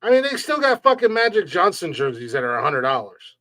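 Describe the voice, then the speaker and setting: Brash, profane podcast host. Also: male voice, high voice, sing-song, brisk, bright, forceful tone, no echo. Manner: brash, profane ranting with laughs. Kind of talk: casual comedy podcast chat.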